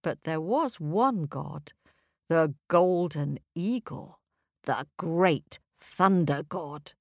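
A woman storyteller telling a folk tale in an expressive, rhythmic way. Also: deep voice, drawn-out words, no room sound, studio quality. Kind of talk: storytelling for children.

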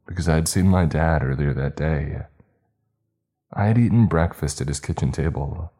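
Very deep-voiced male storyteller. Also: warm tone. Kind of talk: first-person story narration.

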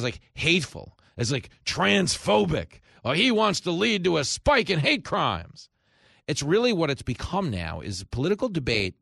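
A man hosting a radio talk show, telling stories animatedly and acting out the shouting people in them. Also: fairly low pitch, no room sound, clean studio sound. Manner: animated storyteller, acts out shouting characters. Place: radio studio.

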